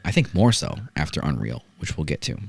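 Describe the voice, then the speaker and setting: Animated man reviewing a wrestling match. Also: rumbling low, fairly quick, gravelly, breathy edge, no echo. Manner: animated storytelling, rhetorical "right?" asides. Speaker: wrestling podcast host. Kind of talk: casual review chat.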